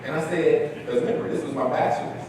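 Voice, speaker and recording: A man's voice: fairly high pitch, fast, a little hiss or hum. A man giving a talk, telling a personal story and acting out the voices of the people in it. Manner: animated storyteller acting out dialogue. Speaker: speaker. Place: large hall. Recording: echoey hall recording from far off.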